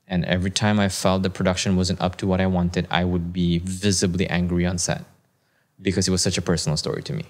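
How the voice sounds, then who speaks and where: A man in his thirties, a podcast guest telling a long personal story in casual chat, animated and putting on the voices of people he quotes. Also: deep voice.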